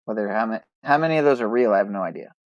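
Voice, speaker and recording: A man's voice: lowish voice, expressive, rapid-fire, no echo, dull audio. A man hosting a podcast in casual chat, rambling and hesitant, often restarting his words. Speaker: podcast host.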